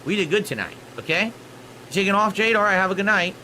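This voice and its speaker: A man's voice: high voice, fast, bright, forceful tone, a little hiss or hum, low-quality recording. A man streaming live, chatting with viewers about his flight and pushing for donations. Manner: chatty, thanks supporters, pushes for donations. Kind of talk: live-stream chat while flying a sim.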